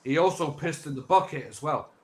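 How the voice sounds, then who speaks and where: A man's voice: a little high, animated, a little fast, very noisy. A man on a video call telling rambling anecdotes as a panel guest in a casual chat, with lots of "like" fillers.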